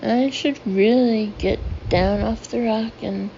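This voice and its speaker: An audiobook narrator reads a first-person novel at an unhurried pace, her low, mellow voice carrying a gravelly edge. She reads emotively, giving voice to the heroine's feelings. The audio is a little dull, with a faint hiss underneath.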